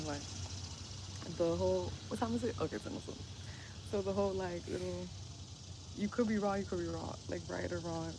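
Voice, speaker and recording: A woman livestreaming outdoors by a street, chatting casually and rambling, saying "like" constantly, into a phone. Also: fairly low pitch. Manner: says "like" constantly, loose and rambling. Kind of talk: casual rambling stream chat. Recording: loud outdoor street noise.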